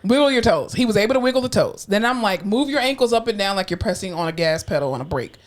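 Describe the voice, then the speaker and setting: A woman co-host recounting a shift on a podcast in a relaxed, conversational way. She drops the odd curse and slips into the voices of the people in her story. Her speaking pitch is middle-of-the-road. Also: quick pace. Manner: laid-back, swears, acts out quoted voices. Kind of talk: casual storytelling chat.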